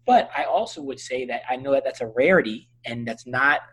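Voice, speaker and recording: A man in his thirties, a doctor, talking earnestly in a casual interview and telling animated stories with frequent restarts. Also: medium pitch, a little fast, breathy edge, poor audio. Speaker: physician and interview guest.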